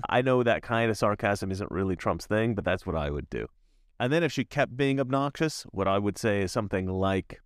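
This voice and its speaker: A man giving opinionated commentary as a YouTuber, emphatic and repetitive, with animated asides. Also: on the low side, a little fast, dry recording, studio quality.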